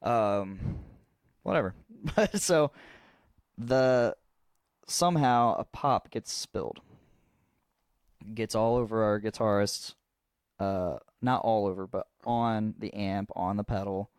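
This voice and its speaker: Deep-voiced rambling man telling a story. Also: slow, pauses often, smooth, dry recording. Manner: rambling, swears freely, restarts often, laughs at own story. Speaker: podcast co-host. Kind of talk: casual storytelling chat.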